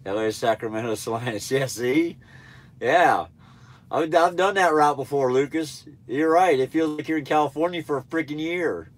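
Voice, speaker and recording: This truck driver trainer sounds nasal from a stuffy nose, his voice a little high and his pace moderate. Chatting on his live stream, he answers viewers casually, easygoing, wandering and blunt.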